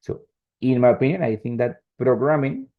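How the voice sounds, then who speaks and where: A man teaching an online English lesson, explaining slowly and often checking in with "right?" and "yes?". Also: medium pitch. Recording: dull lo-fi call audio.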